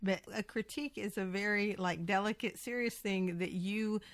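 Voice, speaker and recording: A woman's voice: mid-range voice, normal speed, no room sound. Laughing, emphatic woman podcast co-host. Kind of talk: casual podcast chat.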